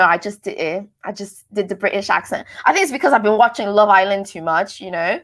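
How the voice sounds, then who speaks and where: A woman's voice: medium pitch, fairly quick, few pauses. A young woman from Quebec with a mixed French-Canadian accent, hosting a casual livestream recap and reading out chat. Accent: Quebecois French-Canadian mix. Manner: chatty, animated, repeats herself often. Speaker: recap show host reading live chat.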